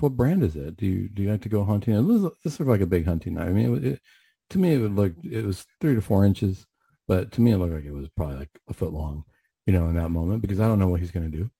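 Male radio host and clinician, lowish pitch, mellow and husky, earnest conversational storyteller, dry close sound. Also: no echo. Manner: earnest, conversational, repeats and restarts phrases. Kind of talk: storytelling on a faith radio show.

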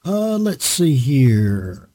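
A man preaching a Bible study, reading scripture slowly and pausing often with fillers. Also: mid-range voice, very animated, warm tone, no room sound. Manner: slow, deliberate reading with frequent fillers.

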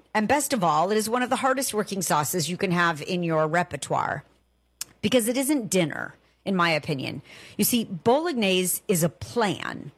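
A middle-aged woman from Southern California hosting a cooking show, talking in a chatty, enthusiastic way with emphatic repetitions. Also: fairly low pitch. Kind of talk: conversational solo podcast monologue.

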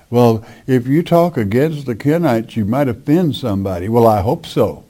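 Slow, mellow-voiced teacher. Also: male voice, mid-range voice. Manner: slow, emphatic, reads scripture aloud then comments. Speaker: Bible teacher. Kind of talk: verse-by-verse Bible teaching.

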